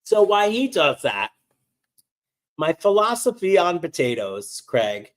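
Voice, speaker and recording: A man's voice: high-pitched, a little slow. An upbeat man hosting a live cooking class, chatting and reading viewer comments as he cooks, eyes teary from cutting onions. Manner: animated, upbeat. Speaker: cooking host.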